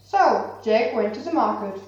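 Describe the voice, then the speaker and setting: A woman reading a children's story aloud slowly and deliberately. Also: a little high, animated, a little mellow, recorded from a distance, a little hiss or hum. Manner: slow, clear, deliberate. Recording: echoey, dull lo-fi room recording.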